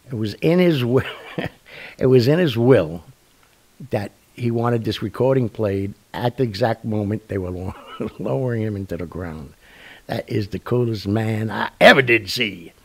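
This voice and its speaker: An older man hosting a radio talk show delivers a casual storytelling monologue, rambling along with plenty of fillers and restarts. His medium-pitched voice has a breathy edge and moves at a moderate pace.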